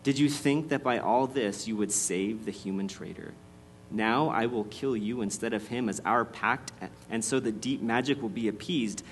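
A man voicing a cruel, triumphant witch queen from a storybook, speaking in a hushed, low menace. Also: normal speed, a little hiss or hum, close to an everyday voice. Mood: gloating.

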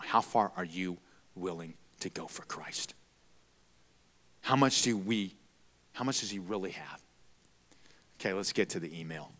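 Male preacher, lively sermon storytelling, emphatic, swooping pitch, bright tone. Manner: animated and emphatic.

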